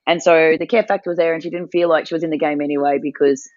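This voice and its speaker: A woman's voice: sits low, fairly even intonation, quick pace, a little mellow, no room sound, highs cut off. A woman co-hosting a morning mindset session, telling a family story in a chatty, rambling way and laughing often. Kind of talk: casual chat, storytelling.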